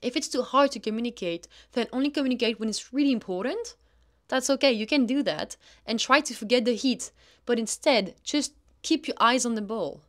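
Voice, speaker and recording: A woman's voice: a little high, fairly quick, fairly bright tone. A young woman hosting a solo podcast, speaking in an earnest, encouraging coaching tone. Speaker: podcast host, athlete.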